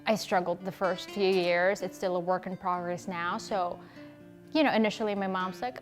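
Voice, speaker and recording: A woman from the Philippines, an actress in her thirties, talking in a casual interview in an animated, expressive way with frequent laughs. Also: lowish voice, normal speed, soft background music. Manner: animated and expressive, laughs often, many fillers.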